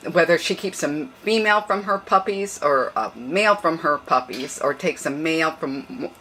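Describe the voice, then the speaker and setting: An older woman breeder chatting casually and rambling about her puppies, now and then cooing to them in high baby talk. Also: expressive, moderate pace, a bit bright, a little hiss or hum. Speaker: dog breeder. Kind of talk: casual puppy update vlog.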